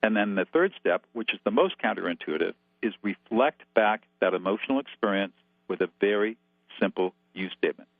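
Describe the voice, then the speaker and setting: A man's voice: on the low side, lively intonation, fairly quick, no echo. A man as a guest expert, calling in and laying out numbered steps in a methodical, instructive way over a tinny phone line. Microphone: telephone.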